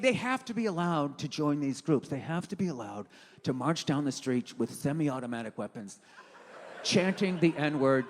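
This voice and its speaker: A middle-aged man doing a stand-up comedy rant, profane and exasperated, breaking into shouts. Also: a little high. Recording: reverberant theater stage.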